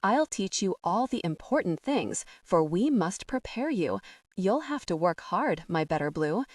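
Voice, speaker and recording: A woman voicing a cruel, manipulative king and father who speaks gently and coaxingly while threatening, in an audiobook. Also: lowish voice, sing-song, unhurried, no echo. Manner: soft, coaxing, quietly threatening. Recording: dry, somewhat distant from the mic.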